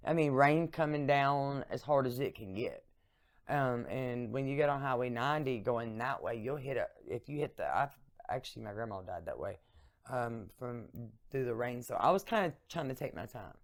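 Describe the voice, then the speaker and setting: A woman co-hosting a podcast, telling stories in a lively, chatty way. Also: rumbling low, normal speed. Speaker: podcast co-host. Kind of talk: casual storytelling chat.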